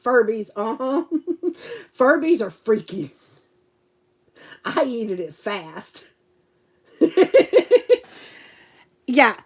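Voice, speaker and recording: A woman chatting casually to a live stream audience, giggly and rambling. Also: medium pitch. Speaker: livestream host and teacher.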